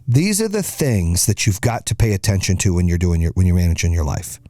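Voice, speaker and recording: A man's voice: sits low, very animated, fairly quick, warm tone, dry recording. Middle-aged male host, motivational monologue, blunt and profane, dry close sound. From United States. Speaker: podcast host.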